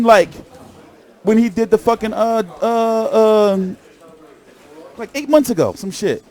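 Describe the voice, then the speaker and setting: Animated, high-pitched man streaming. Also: normal speed. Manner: excitable, profane, repeats phrases. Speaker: boxing commentator streamer. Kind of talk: casual live-stream chat.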